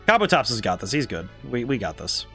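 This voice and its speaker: A man giving casual live-stream commentary on a game he is playing, excitable, laughing often and thinking aloud. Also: mid-range voice, fairly quick, faint music behind.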